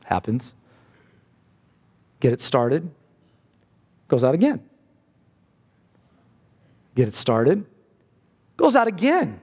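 A man's voice: medium pitch, wildly swooping pitch, extremely slow, pauses often, a little mellow, husky. A male pastor preaching a sermon in a church, earnest and building to fervent emphasis. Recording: long reverb of a large hall.

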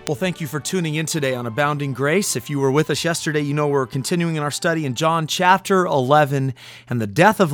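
A man's voice: fairly high pitch, a bit bright, no echo, clean studio sound. A man pastor preaching an earnest, emphatic radio sermon.

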